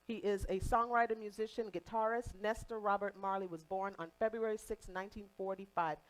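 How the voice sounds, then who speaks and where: A woman's voice: mid-range voice, steady tone, a little fast, low-quality recording. A woman in her late thirties from Jamaica with a faint Jamaican accent, giving a conversational spiritual talk to a congregation. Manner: warm, conversational, playful asides. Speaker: guest speaker at a spiritual center.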